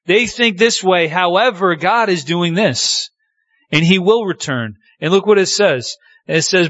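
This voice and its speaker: A man's voice: on the high side, fairly bright tone, no room sound, highs cut off. A man preaching a sermon, reading scripture aloud and building emphasis as he speaks. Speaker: pastor.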